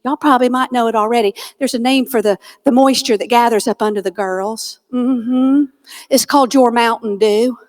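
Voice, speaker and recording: On a conference stage before a live audience, a woman delivers a comedic motivational keynote, folksy and self-deprecating, landing her punchlines. Her voice is fairly high with a darkish tone, at a normal speed.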